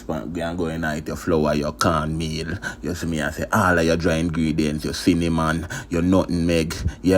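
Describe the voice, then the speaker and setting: A man with a Jamaican accent talks through his cooking in relaxed patois. His voice sits extremely low. Faint room ambience hums behind him. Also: slight background noise. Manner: laid-back patois, repeats "you see me, I say". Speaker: home cook vlogger. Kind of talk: casual cooking narration.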